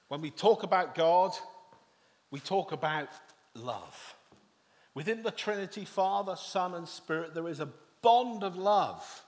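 A man's voice: sits high, expressive, a little slow, in a large hall. A man, preaching a sermon with wry asides and self-deprecating humour. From England. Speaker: pastor.

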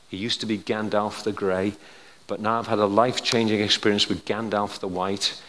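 An older man gives a sermon from the pulpit. He tells stories in a chatty way, sinking to near-quiet asides and then rising to firm emphasis. His fairly low voice rings out with the long reverb of a large hall. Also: fairly quick. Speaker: preacher.

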